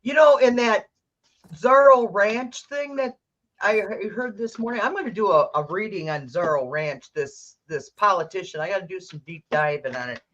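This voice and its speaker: A woman's voice: medium pitch, normal speed, a bit bright. Blunt, ranting woman psychic on a muffled stream. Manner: ranting, blunt, rambling with restarts. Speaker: psychic tarot reader, stream host. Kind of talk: casual livestream chat. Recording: dull lo-fi stream audio.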